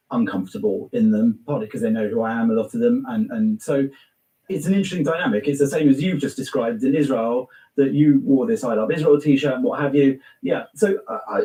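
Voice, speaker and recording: Male interviewer, chatty and hesitant, mellow voice, off-mic in an echoey room. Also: mid-range voice. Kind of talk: conversational interview. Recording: roomy, distant mic.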